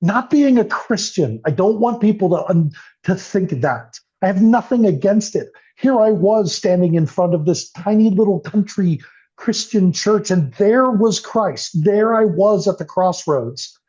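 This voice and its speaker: A man's voice: high-pitched, lively intonation, measured pace, a little mellow, slightly rough. An older man telling his recovery story as an interview guest, earnest and emotional. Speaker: podcast guest. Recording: muffled lo-fi audio.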